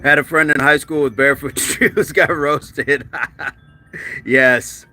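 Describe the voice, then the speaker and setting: A man hosts a laid-back livestream with a bright, forceful voice. He chats and jokes with his viewers, slipping in quick asides and restarting sentences as he answers their comments between sets of push-ups. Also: fairly high pitch, steady tone. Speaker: livestream host. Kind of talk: casual live-stream chat, reading comments aloud.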